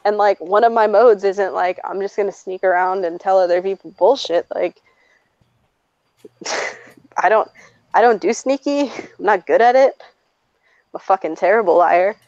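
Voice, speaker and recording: A woman's voice: mid-range voice, unhurried, long pauses, a little mellow, no echo. Twenties woman swearing and laughing thru her stories, kinda muffled dry recording. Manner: blunt, profane, laughs often while telling stories. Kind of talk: casual chat, personal storytelling. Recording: slightly dull, dry recording.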